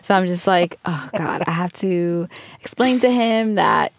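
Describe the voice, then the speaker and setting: A woman's voice: on the low side, unhurried, creaky, no room sound. A pregnant young woman co-hosting a podcast, telling a story in casual chat and acting out her toddler's lines. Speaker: podcast co-host.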